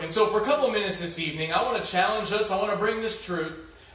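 A man preaching a sermon in a halting, folksy way, with many filler sounds. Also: sits high, fairly bright tone. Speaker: pastor. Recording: echoey church hall from far off.

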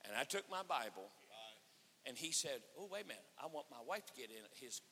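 A man preaching at a conference, telling a story with acted-out dialogue and rising to shouts. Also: medium pitch, fairly quick, slight background noise. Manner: animated, acts out dialogue, swells to shouting. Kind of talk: sermon storytelling. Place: church or conference hall. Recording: reverberant hall.

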